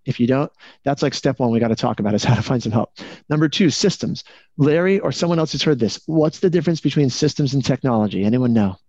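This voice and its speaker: A man coaching a real estate team over a video call, energetic and constantly asking the group questions. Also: medium pitch, fast. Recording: dull lo-fi call audio.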